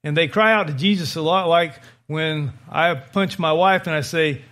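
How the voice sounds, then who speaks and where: A man's voice: fairly high pitch, normal speed, a bit bright. A male pastor preaching a sermon, telling the story vividly.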